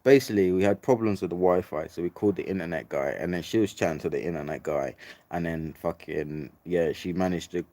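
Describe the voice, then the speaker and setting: Deep-voiced sweary young man. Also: fast talker, dark tone, dry recording. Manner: sweary, rambling, repeats "like, literally" and "mate". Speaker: storyteller. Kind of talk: casual storytelling.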